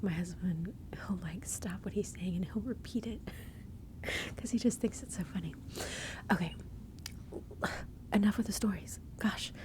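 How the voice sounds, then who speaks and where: A woman's voice: mid-range voice, background noise. A woman from Texas with a Texan accent, whispering close to the mic as she hosts rambling, self-interrupting ASMR commentary. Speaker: ASMR channel host.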